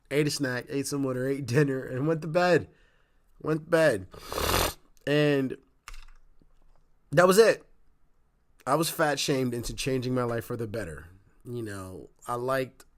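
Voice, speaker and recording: Blunt, profane podcast host ranting. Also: male voice, mid-range voice. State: sounds sick. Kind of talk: solo podcast rant.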